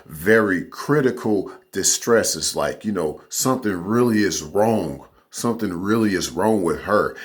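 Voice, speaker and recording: A man giving a casual, rambling opinion monologue as a vlogger, often checking in with "you know what I'm saying". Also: deep voice.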